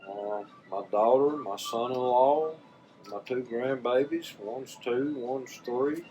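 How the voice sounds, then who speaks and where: A man's voice: medium pitch, slow, mellow, poor audio. An older man with a Southern US accent talking casually and from the heart to his viewers in a folksy, rambling way, often repeating his words. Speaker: vlogger. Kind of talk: casual heartfelt talk to camera.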